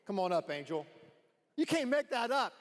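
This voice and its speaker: A man's voice: high-pitched, big pitch swings, moderate pace. A man pastor giving a sermon, chatty and playful, laughing easily as he brings up a volunteer. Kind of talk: sermon with live audience participation. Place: large church auditorium. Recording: long reverb of a large church hall.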